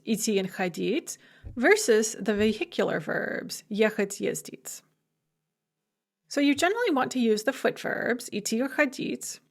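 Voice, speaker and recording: Woman lecturer, kinda high voice, clear and careful, slows way down when saying example words. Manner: clear, deliberate, slows down to model pronunciation. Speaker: language lecturer. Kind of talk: recorded lecture over slides.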